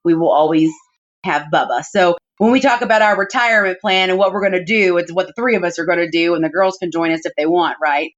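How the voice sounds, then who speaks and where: A fast-talking woman with a lowish voice appears as a podcast guest, sharing personal family stories in a chatty, heartfelt conversation packed with "like" and "you know." The audio sounds dull and muffled.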